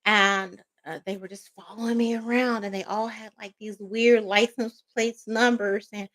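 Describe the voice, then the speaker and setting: A woman's voice: mid-range voice, little pitch movement, normal speed, fairly bright tone. A woman vlogger telling a personal story in a casual storytime monologue, rambling, emphatic and swearing freely.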